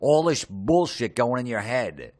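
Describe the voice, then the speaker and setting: A man's voice: mid-range voice, very animated, measured pace, darkish tone. A man delivering a profane, sarcastic comedic rant, mocking people in put-on voices. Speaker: comedian ranting.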